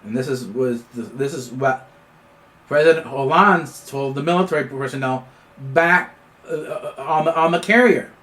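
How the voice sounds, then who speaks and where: At a normal speed, a Canadian man speaks in a medium-pitched, fairly bright voice. As host of his own independent news commentary channel, he talks politics unscripted, often stumbling into fillers and restarts.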